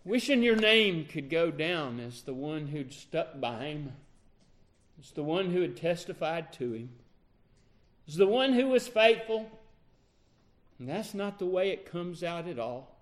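A male preacher in full sermon mode, retelling a scripture scene with dramatic storytelling and putting pointed questions to his listeners. His voice sits high and moves animatedly, and he takes his time with each phrase. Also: expressive, a little slow.

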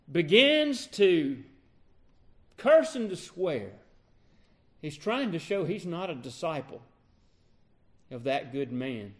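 A male preacher delivering a sermon, retelling a scene dramatically and asking the listeners direct questions. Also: on the high side.

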